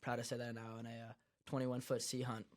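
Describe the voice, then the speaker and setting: A man's voice: medium pitch, completely flat delivery, fast talker. Easygoing teenage guy from Massachusetts. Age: teens. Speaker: podcast guest, fisherman. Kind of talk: casual chat.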